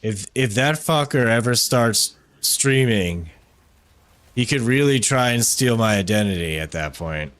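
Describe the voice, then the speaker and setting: In an animated, unhurried, slightly bright medium-pitched voice, a man keeps up loose chatter with his viewers and a friend while streaming a game. He wanders, swears, and makes jokes at his own expense, captured in a dry recording.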